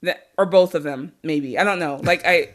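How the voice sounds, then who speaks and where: Animated laughing woman podcast guest. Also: low-pitched, normal speed. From Arizona. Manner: animated, laughing storyteller, swears freely. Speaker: podcast guest, wrestling interviewer. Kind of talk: casual podcast chat.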